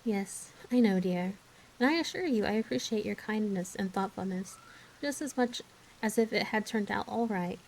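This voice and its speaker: A woman voicing a kind, gentle minister's wife who speaks slowly and soothingly in a book reading. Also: mid-range voice, a little hiss or hum, natural voice, poor audio. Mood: comforting.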